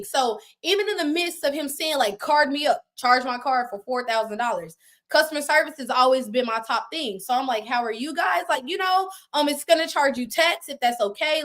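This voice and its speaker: A woman guest on a live video call, telling her story in casual, animated talk, acting out what people said with slang and swearing. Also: sits high. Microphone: phone on a live video call.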